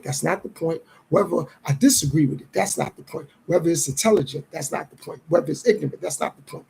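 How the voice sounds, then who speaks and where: A man's voice: on the high side, vocal fry, darkish tone, slightly rough, poor audio. A middle-aged man hosting a podcast, reflecting in a streetwise, casual monologue. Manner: reflective, streetwise, acts out others' lines in quick voices. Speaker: podcast host.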